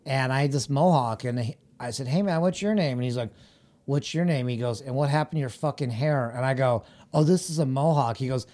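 A man's voice: medium pitch, a little fast, a little mellow. A middle-aged man chatting casually as a guest, telling rambling stories with laughs and acted-out quoted voices. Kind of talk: casual storytelling chat.

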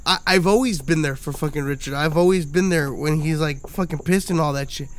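A man's voice: fairly high pitch, fairly quick, a little hiss or hum. Drunk, profane man telling a story. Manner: profane, rambling, acts out quoted dialogue.

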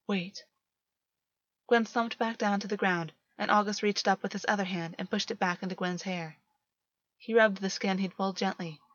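A woman's voice: medium pitch, a bit bright. Woman reading fiction on dull lo-fi audio. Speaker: narrator. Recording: dull lo-fi, dry.

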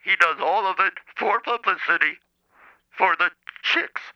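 A robotic speech-synthesizer voice playing an indignant male caller, flat and clipped. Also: sits high, unhurried, muffled recording. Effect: computer speech synthesizer.

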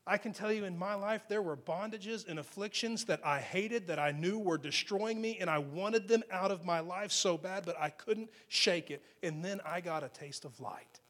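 A man preaching a sermon as pastor, moving between loud emphatic lines and quiet, hushed ones. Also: high voice, normal speed, hardly any pauses.

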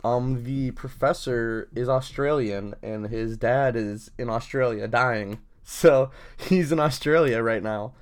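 This is a young man in his twenties, co-hosting a laid-back podcast with a friend. He swears freely and laughs often, and he gets lively whenever he retells a story. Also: mid-range voice, slow pace, hardly any pauses, smooth. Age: 20s. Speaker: podcast co-host. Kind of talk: casual chat.

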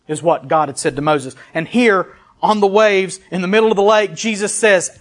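A man's voice: high voice, normal speed. A man preaching a sermon, reading scripture aloud with emphasis and commenting in a conversational way. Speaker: pastor.

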